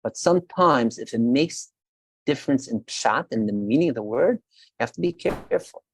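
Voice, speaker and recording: A man teaching an online Torah class who weaves Hebrew terms into his talk, halting often and repeating his words as he searches for a phrase. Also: medium pitch, lively intonation, husky, no echo.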